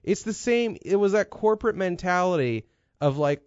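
A man's voice: high voice, normal speed, clear, resonant tone, no echo, lo-fi sound. A man co-hosting a casual podcast chat, rambling and profane, telling stories with lots of energy. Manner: rambling, profane, animated storytelling. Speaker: podcast co-host.

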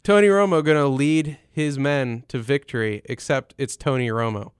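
A man in casual sports banter, profane and animated, with a mock-dramatic streak. His voice sits in the middle range. The recording is dry and close. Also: medium pitch, normal speed, smooth, no echo. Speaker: podcast co-host.

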